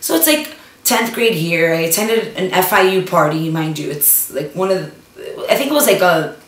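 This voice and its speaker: A woman's voice: fairly low pitch, animated, moderate pace. A young woman from the Miami area telling a personal story in a casual, chatty way, full of "like". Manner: chatty, lots of "like", switches into Spanish for quotes. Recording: roomy sound, distant from the mic.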